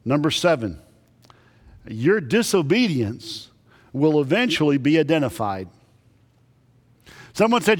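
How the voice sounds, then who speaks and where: A male pastor preaches with emphatic, dramatic pauses and drops his voice low for the key lines. His voice sits a little high for a man. A long reverb trails after every phrase, as in a big church sanctuary. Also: big pitch swings. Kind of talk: sermon. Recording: long reverb in large hall.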